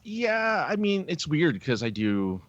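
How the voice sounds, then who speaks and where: A man co-hosting a podcast in casual chat, animated and laughing often, with lots of fillers. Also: fairly high pitch, takes it slowly, dry recording, lo-fi sound. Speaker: podcast co-host.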